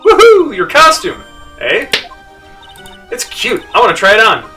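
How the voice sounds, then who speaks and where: A man voicing a perky, carefree young woman animal tamer in a video game, in a bubbly, squealing high voice. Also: huge pitch swings, a little slow, distant mic, loud music behind the voice, full character voice. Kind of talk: voicing game dialogue on a live stream.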